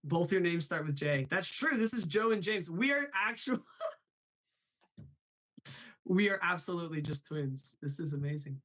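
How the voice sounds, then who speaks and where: A man's voice: a little high, expressive, unhurried, long pauses, a bit bright. A young man hosting a casual live stream, laughing often and reading chat messages aloud. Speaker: host of a live show.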